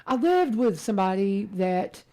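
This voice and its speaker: A woman's voice: mid-range voice, big pitch swings, moderate pace. A woman hosting a local radio show, chatting casually with many restarts and asides. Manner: chatty, rambling, warm-hearted with frequent restarts. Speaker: radio host. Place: radio studio. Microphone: studio microphone.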